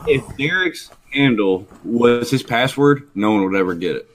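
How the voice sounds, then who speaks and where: Wisecracking man with lively pitch. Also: normal speed, crowd noise, low-quality recording. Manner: teasing, wisecracking. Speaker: podcast co-host. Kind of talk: casual chat.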